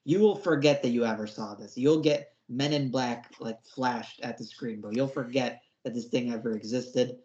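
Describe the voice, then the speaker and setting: A man's voice: mid-range voice, moderate pace, few pauses, a little mellow. A man co-hosting a podcast, giving a casual, slangy review rant, exasperated and mocking. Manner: exasperated, slangy, mocking with put-on whiny voices. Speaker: podcast co-host reviewing horror episodes. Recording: roomy, dull lo-fi sound.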